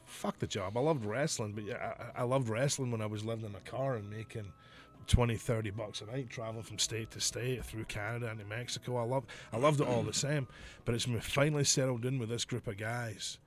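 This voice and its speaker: A man's voice: mid-range voice, a little fast, faint music behind. A man, a podcast co-host and former wrestler, telling stories in casual chat, swearing often and laughing as he talks. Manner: profane, laughing, animated storyteller.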